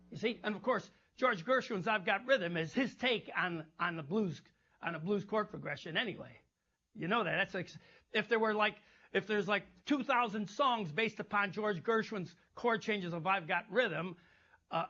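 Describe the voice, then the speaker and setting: Guy running a jazz band masterclass, high bright voice, scats and chants rhythms, kinda muffled recording. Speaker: jazz instructor.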